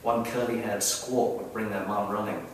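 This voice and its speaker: A man reading his own story aloud at a live event, wry and expressive, building up the action. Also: lowish voice, moderate pace, slight background noise. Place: event hall, heard from the audience area. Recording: very echoey hall, mic far off.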